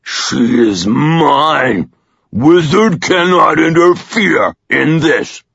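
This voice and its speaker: A man voicing a hulking, greedy male troll in an audiobook, with a gravelly, rumbling voice, broken speech and slow, drawn-out bellowing. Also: lively intonation, a bit bright, dry recording, lo-fi sound, heavily acted. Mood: menacing. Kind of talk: audiobook character voice.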